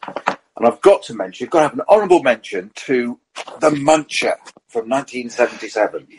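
A middle-aged man and racing driver on a podcast, telling motorsport anecdotes in a lively way and acting out the quotes. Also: medium pitch, a little fast, slightly rough, poor audio.

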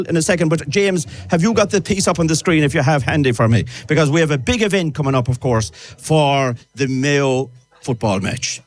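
This is an upbeat Irish man fronting a live radio broadcast from outdoors, with a slightly raised pitch for a man. He talks chattily, repeating names and phrases, and keeps the patter rolling. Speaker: radio presenter. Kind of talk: live outside broadcast chat. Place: outdoors at a local event.

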